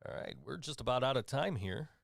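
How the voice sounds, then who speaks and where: A man's voice: medium pitch, expressive, fairly quick, vocal fry, no echo, studio quality. Easygoing man hosting a radio show. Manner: easygoing, hesitant with many fillers. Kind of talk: casual radio chat. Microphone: studio mic.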